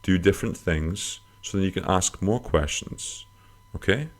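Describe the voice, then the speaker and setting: Low-voiced bloke, comic podcast host, rambling and crude, jumps into squeaky bits for jokes. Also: male voice, unhurried. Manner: rambling, crude, self-mocking humor with sudden high-pitched jokey swings. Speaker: podcast host answering listener questions. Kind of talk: casual comic podcast monologue.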